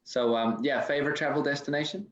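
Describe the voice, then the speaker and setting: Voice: mid-range voice, steady tone, fast. Host interviewer, hesitant, roomy echo, dull muffled audio. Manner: hesitant, filler-heavy questioning. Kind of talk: casual interview questions. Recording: echoey, dull lo-fi sound.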